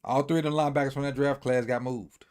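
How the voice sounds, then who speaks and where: A man's voice: medium pitch, fairly even intonation, quick pace, a little mellow. Easygoing man rambling through a sports recap. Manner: loose, rambling, repeats himself, thinks aloud. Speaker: sports commentator.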